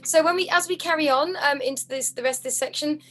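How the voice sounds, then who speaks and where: High-pitched and fast, a woman teaches harpists remotely in an online music lesson, counting beats aloud and humming along in a friendly, encouraging way. Harp music plays underneath her speech.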